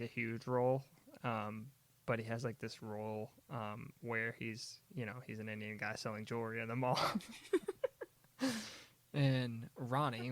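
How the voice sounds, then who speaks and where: A man's voice: medium pitch, a bit bright, no room sound. Laid-back young man, rambling chat. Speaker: podcast co-host. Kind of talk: casual chat.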